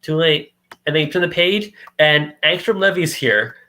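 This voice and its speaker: A man's voice: on the high side, animated, moderate pace, bright, forceful tone, poor audio. A man co-hosting a podcast, casually retelling a comic book plot and acting out the characters' lines. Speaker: podcast co-host.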